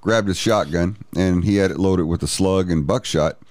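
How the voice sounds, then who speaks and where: Man with a very low voice, dry close mic, steady matter-of-fact storyteller. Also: normal speed, no echo. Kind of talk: casual storytelling chat.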